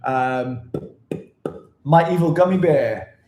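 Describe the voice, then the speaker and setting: A man vlogging in casual chat to camera, energetic and chatty, swearing freely, from his apartment. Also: fairly high pitch, slow, a little hiss or hum. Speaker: travel vlogger. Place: apartment room, indoors. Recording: roomy echo in an apartment.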